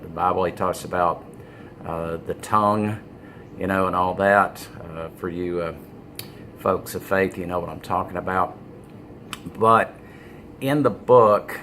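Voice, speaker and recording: A man talks to camera in a loose, unscripted way, stopping often on "uh" and punching the words that matter. His voice sits low, and he takes his time. A faint hiss runs under the recording. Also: a bit bright. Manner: halting, many "uh" fillers, stresses key words. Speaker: business vlogger. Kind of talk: casual talking-head monologue.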